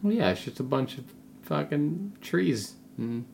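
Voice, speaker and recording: A man's voice: a little high, animated, unhurried, creaky, a little mellow. A young man co-hosting a podcast, answering his partner's jokes dryly and with mock exasperation, swearing now and then. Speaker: podcast co-host. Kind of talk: casual banter.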